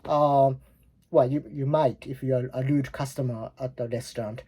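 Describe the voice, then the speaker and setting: A man's voice: mid-range voice, fairly even intonation, moderate pace, mellow, husky. A man in his forties with a Japanese accent, teaching a language lesson in a loose, rambling way full of fillers and restarts. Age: 40s. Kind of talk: casual explanatory lesson.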